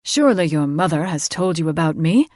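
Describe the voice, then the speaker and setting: A woman's voice: low voice, lively intonation, brisk, a little mellow, no echo, clean studio sound. A woman narrator voicing a haughty, condescending male fae lord in an audiobook. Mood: coaxing. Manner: condescending, faintly mocking. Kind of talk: audiobook character voice.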